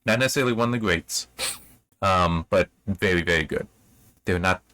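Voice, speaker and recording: A man's voice: deep voice, normal speed, sharp tone, no echo. A man giving a casual, rambling commentary as a book reviewer, thinking aloud.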